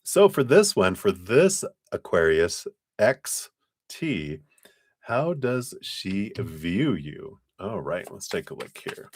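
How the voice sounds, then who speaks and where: A man's voice: fairly low pitch, big pitch swings, slow, slightly rough, dry recording, clean studio sound. A man doing a casual live tarot reading, chatty and loose in his phrasing, often breaking into laughter. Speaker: tarot reader on a live stream.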